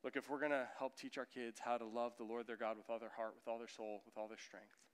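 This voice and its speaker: A man in his thirties, a pastor preaching a sermon in a church, lively and acting out the voices of people he quotes. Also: medium pitch, fast, clear, resonant tone. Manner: animated, acts out quoted voices of his son and listeners. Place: church sanctuary. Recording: echoey church hall.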